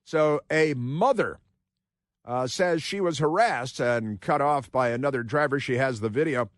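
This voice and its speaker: A man's voice: mid-range voice, unhurried, no room sound. Dry-sounding sarcastic talk radio man. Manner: combative, sarcastic, mocking asides. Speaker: radio talk show host. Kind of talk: opinionated talk radio monologue.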